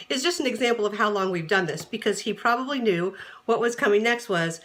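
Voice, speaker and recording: A woman relationship coach speaks casually to the viewer at a middle pitch. She is chatty and animated and slips into acted-out snippets of conversation as she explains her tip. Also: fast talker. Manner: chatty and animated, acts out quoted dialogue. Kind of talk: casual advice talk to camera.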